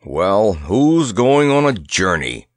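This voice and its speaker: A man voicing a haughty male elephant who grumbles morosely and sarcastically in a slow, low voice. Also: animated, a bit bright, no echo, studio quality, full character voice. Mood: grumbling.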